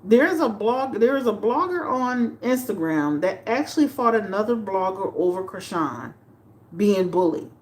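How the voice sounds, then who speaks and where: A woman tarot reader chatting on a livestream to her viewers, animated and repetitive, full of fillers and restarts. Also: mid-range voice, unhurried. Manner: animated, talks straight to chat, repeats herself with many fillers. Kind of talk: casual livestream commentary.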